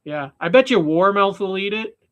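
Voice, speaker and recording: A man's voice: sits high, expressive, normal speed, a bit bright. A man hosting a live stream, chatting casually while tying flies, often trailing off and restarting sentences. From Canada. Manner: rambling, with frequent restarts and fillers.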